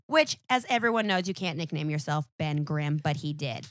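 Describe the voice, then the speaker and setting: A woman chatting as a podcast guest, telling a story in a profane, animated way and acting out each character. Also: fairly low pitch, normal speed, no echo, studio quality. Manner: animated, profane retelling that acts out every character. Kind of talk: casual podcast chat.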